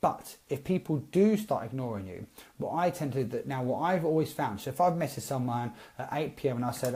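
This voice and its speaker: A man talks through recruiting tips in a loose, conversational live-stream style. He is animated and acts out both sides of his message exchanges. His voice sits at an ordinary pitch with a mellow, unforced warmth. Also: brisk. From Britain. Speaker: network marketing coach. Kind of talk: casual live-stream advice.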